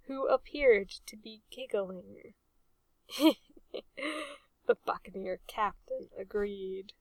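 Slow, amused woman reading a story. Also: on the high side, dry recording. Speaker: narrator.

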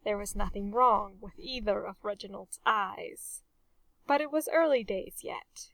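A woman reading a story aloud in a measured, expressive way. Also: mid-range voice, vocal fry, no room sound. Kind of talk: storybook narration.

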